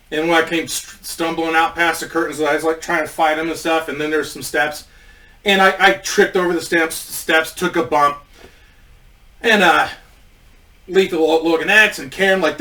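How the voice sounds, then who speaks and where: A man's voice: fairly high pitch, sharp tone, distant mic, rough recording. A man telling a casual story about his wrestling days, rambling with many restarts and frequent swearing.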